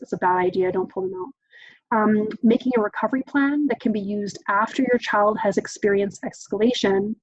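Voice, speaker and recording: A woman's voice: medium pitch, a little fast, dry recording. A young adult woman presenting a casual caregiver training talk, chatty and full of "um"s and "like"s. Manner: chatty, many "um"s and "like"s. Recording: dull lo-fi sound.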